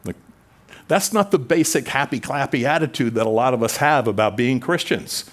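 A man preaching a conversational sermon, asking the crowd rhetorical questions and dropping his voice low when quoting scripture. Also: moderate pace. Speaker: pastor. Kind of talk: expository sermon.

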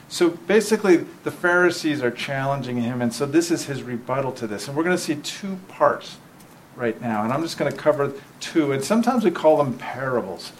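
A man preaching a sermon in a conversational way, often checking in with the listeners and reading scripture aloud slowly and with feeling. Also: mid-range voice, lively intonation, slight background noise, poor audio.

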